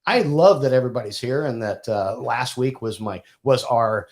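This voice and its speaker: A man's voice: medium pitch, moderate pace, darkish tone. A man co-hosting a podcast in easygoing, rambling casual chat with his wife. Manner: easygoing, rambling with many fillers and restarts. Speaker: podcast co-host.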